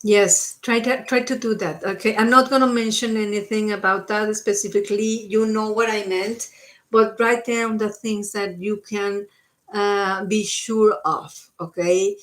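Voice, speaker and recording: A woman's voice: medium pitch, steady tone, unhurried. A woman doing live-stream psychic card readings, giving coaching advice and often checking in with the listener. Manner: coaching, checks in with frequent "okay?"; switches between English and Spanish.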